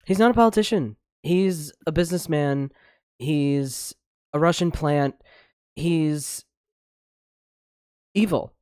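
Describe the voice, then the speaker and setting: This is a podcast co-host on a livestream, launching into an angry, profane rant. The pitch sits mid-range, and the sound is dry and close. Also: slow, long pauses, mellow, clean tone, no room sound. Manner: angry, swearing, blunt ranting. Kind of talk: heated casual discussion.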